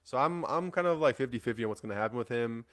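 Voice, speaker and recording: A man's voice: medium pitch, expressive, fast. A man hosting a solo fight-news show, rambling in a casual way with lots of fillers, restarts and swearing. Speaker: MMA podcast host.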